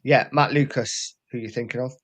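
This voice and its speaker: A man's voice: medium pitch, fairly even intonation, moderate pace. A middle-aged man, hosting a podcast in casual chat and easily prompting the others to talk. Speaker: podcast host.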